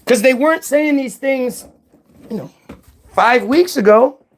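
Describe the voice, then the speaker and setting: This male channel host speaks in a very high voice at a measured pace. His commentary is a heated, profane rant packed with rhetorical questions.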